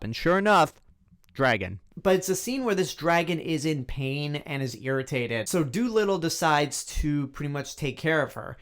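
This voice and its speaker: Blunt, exasperated man reviewing a movie. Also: on the high side. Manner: blunt and exasperated, emphatic repetition. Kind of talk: opinionated film review monologue.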